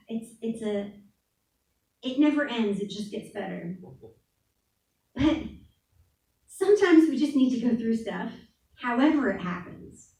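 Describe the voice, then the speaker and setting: A woman's voice: on the high side, mellow. A woman giving a candid, casual talk at a spiritual center, laughing often and saying "like" a lot. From New Orleans. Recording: echoey room, voice from far off.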